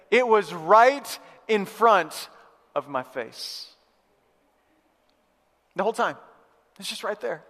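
A male pastor giving a lively, conversational sermon to a live church congregation, repeating phrases for emphasis. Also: high voice. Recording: long hall reverb.

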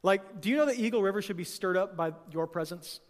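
A man with a notably high voice preaching to his congregation in a loose, conversational way, often repeating himself and stumbling over words. He swings between bright, loud bursts and hushed, serious moments. His voice rings out in the long reverb of a church hall. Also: fast. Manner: conversational preaching with frequent fillers and repetitions; dynamic, swings from loud excited bursts to quiet earnest lows. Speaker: pastor. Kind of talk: sermon. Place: church sanctuary.

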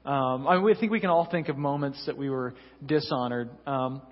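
A man's voice: mid-range voice, moderate pace. A young man, a senior pastor, preaching a sermon in a church in a conversational storytelling way, often adding "you know". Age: young adult. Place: church sanctuary. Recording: distant echoey hall, dull lo-fi sound.

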